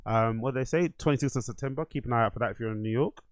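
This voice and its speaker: A man's voice: medium pitch, fast talker, no echo. Blunt man, dry close mic. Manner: blunt, mocking, swears freely. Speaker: host reacting to clips. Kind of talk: casual commentary.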